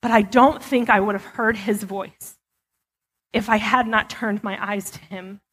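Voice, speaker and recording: A woman's voice: medium pitch, steady tone, unhurried, a bit bright, slightly rough. A woman giving a personal testimony in a church, talking candidly and casually with lots of fillers. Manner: candid, chatty, many fillers. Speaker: church speaker. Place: church sanctuary. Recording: long hall reverb.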